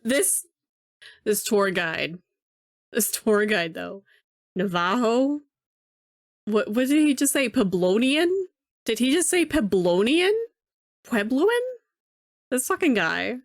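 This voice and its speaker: A woman's voice: medium pitch, animated, takes it slowly, long pauses, no room sound, clean studio sound. Amused, swearing woman streamer. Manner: profane, amused, laughing often. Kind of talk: reading a visual novel aloud with commentary.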